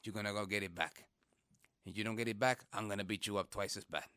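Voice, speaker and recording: A man voicing his quiet, stern father in an anecdote, speaking low, firm and clipped. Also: fairly even intonation, quick pace, no room sound, clean studio sound.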